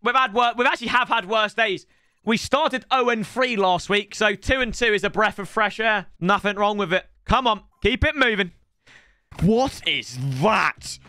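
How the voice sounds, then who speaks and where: Young man, video game streamer, live gameplay commentary, excitable, shouty outbursts, high voice, bright tone. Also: moderate pace, clean tone, no room sound. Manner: excitable, bursts into shouts, teasing banter.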